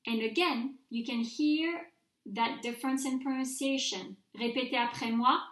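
A woman teaching a recorded grammar mini-lecture, speaking clearly and patiently and repeating words slowly for students to copy. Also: a little high, a bit bright. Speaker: French teacher. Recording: roomy echo.

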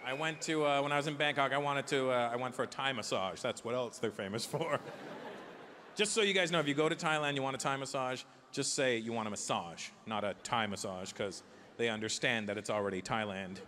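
A man in his forties performing a stand-up comedy set, talking animatedly and acting out characters in quick bits. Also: medium pitch, noisy background. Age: 40s. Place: large theater with a live audience.

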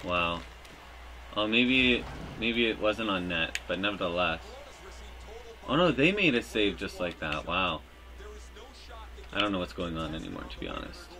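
Slow-talking excitable man commentating gameplay. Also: deep voice. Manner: excitable, jokey, bursts into loud cheers. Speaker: gaming YouTuber.

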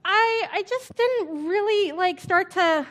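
A woman's voice: extremely high pitch, lively intonation, takes it slowly, a bit bright. A woman giving a conference talk in a casual, chatty way, peppering her talk with "like" and "right?". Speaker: conference speaker. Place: conference stage before an audience.

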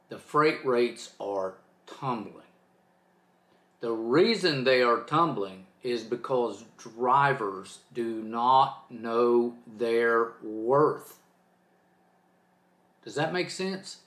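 A man's voice: medium pitch, a bit bright, reverberant. Fired-up man ranting to his channel. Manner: fired-up, preachy, emphatic. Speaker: trucking channel host. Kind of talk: off-the-cuff vlog rant.

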